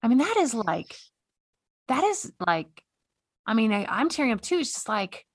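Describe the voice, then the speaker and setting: A woman's voice: on the high side, big pitch swings, normal speed, slightly rough, no echo. A woman hosting a faith-based conversation, earnest and exhorting, often repeating words as she speaks. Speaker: podcast host.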